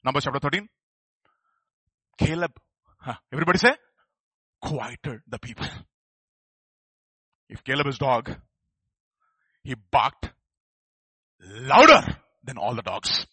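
Male preacher, bright, husky voice, very lively pitch, dry sound; builds to fervent shouting. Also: unhurried, pauses often, no echo. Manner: animated, rising to fervent shouts. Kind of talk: sermon.

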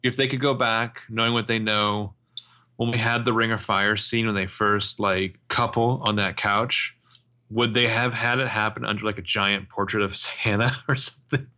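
Podcast guy joking about a show, lowish voice with a sharp bright edge. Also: fairly even intonation, moderate pace. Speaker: podcast co-host. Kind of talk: casual chat.

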